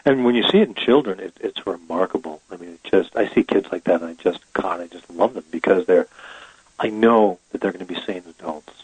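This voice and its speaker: A man's voice: deep voice, brisk, breathy edge, no room sound, rough recording. A middle-aged man, a guest author on a podcast, talking in a reflective, thoughtful way with plenty of fillers. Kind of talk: casual podcast interview.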